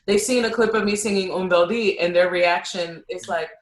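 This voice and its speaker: A woman opera singer, a guest in a casual conversation, telling stories in an animated way with lots of "you know.". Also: lowish voice, moderate pace. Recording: roomy echo.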